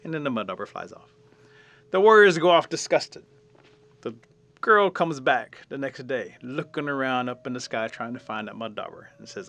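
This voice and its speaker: Middle-aged male storyteller; folksy, lively, bright-toned oral telling. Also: medium pitch, moderate pace. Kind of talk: oral folk tale telling.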